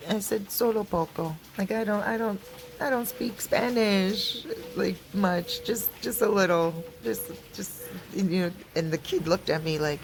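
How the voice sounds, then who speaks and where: A woman's voice: mid-range voice, a little slow, poor audio. A woman from Canada chatting casually in a street vlog, rambling with lots of fillers and restarts. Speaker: vlogger. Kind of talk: casual walking vlog chat. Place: outdoors on a street.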